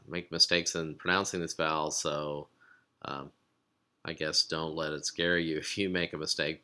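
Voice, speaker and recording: A man teaching a recorded lesson, explaining patiently with frequent pauses and fillers. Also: low voice, bright, forceful tone, clean tone. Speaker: biblical Hebrew teacher.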